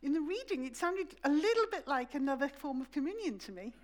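A woman preaching a sermon in a church, telling the story in a lively way and acting out the voices. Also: sits high, fast talker.

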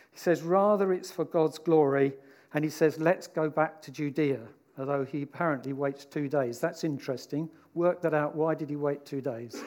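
A man giving a sermon in a relaxed, conversational way. His voice sits a little high for a man, and he often slips into the voices of the people in his story. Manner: conversational and animated, voicing the disciples. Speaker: preacher.

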